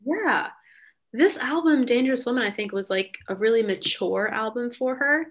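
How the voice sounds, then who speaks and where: A woman's voice: on the high side, animated, normal speed. Enthusiastic young woman hosting a chat. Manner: enthusiastic, lots of "um" and "like". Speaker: podcast host. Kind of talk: casual chat.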